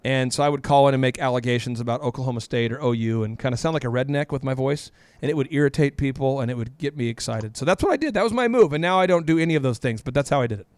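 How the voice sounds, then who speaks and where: A man, a guest in an interview, telling a lively story and often jumping up in pitch. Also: very fast, hardly any pauses, no echo. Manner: animated, jumps high in pitch.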